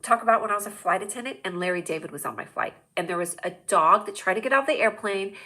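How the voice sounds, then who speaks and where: Chatty, bright-voiced woman host. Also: medium pitch, husky. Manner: chatty, rambling, excitable. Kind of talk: casual live-stream storytelling.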